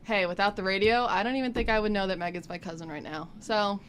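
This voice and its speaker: A young woman tells a story on a college radio show, talking casually and acting out the quotes with lots of drama. Her pitch sits in an ordinary middle range. There is a faint hiss of noise behind her in the studio. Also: fast talker. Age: young adult. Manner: animated storyteller, acts out voices. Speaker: college radio e-board member.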